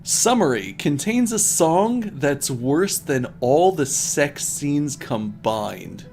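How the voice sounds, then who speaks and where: A man's voice: on the high side, big pitch swings, slow pace, creaky, darkish tone, a little hiss or hum. A man on a stream reading bad fan fiction aloud as comedy, often laughing and breaking off to mock the text.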